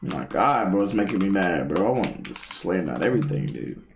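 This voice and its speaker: A young man talks through a live game stream, his pitch jumping all over as he gets worked up, then drops to a mutter. The room is echoey, and keyboard clicks tap along in the background. He swears freely and moves from shouting to grumbling under his breath. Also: brisk, creaky, slight background noise. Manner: excitable, swears a lot, swings between yelling and muttering. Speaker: livestreamer. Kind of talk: gaming livestream commentary.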